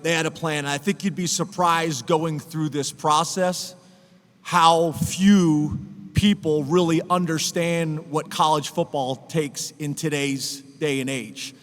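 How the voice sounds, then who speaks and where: A fairly high-voiced man gives earnest, emotional press conference remarks as a head football coach. His voice rings out with the long reverb of a large room, so it sounds a little distant and washed.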